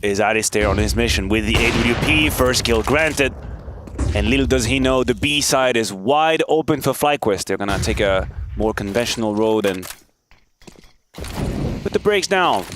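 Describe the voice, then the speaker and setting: Male color analyst, measured and dry, game noise behind. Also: mid-range voice. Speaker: esports analyst. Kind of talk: color commentary and banter. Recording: noisy game audio behind. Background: game gunfire and clicks.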